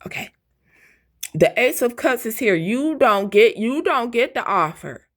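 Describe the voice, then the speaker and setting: A woman's voice: fairly high pitch, big pitch swings, a little slow. A woman giving a fiery, profane tarot reading, blunt and defiant. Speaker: tarot reader.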